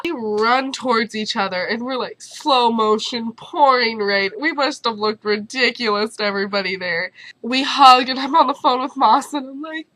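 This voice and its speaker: Young woman vlogger, hoarse from losing her voice, bright and bubbly, dry close sound. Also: a little high, normal speed, no echo, poor audio. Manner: bubbly, animated storyteller. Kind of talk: casual storytelling vlog.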